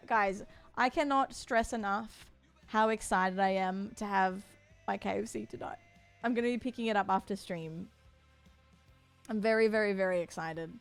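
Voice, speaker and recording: A young Australian woman with a soft accent chats on her live stream in a fairly high, bright register. She is bubbly and gushing, and she scatters ums through her talk. Faint music plays quietly underneath. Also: normal speed. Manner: bubbly and chatty, gushing with excitement and frequent ums. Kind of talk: casual live-stream chat with a sponsor read.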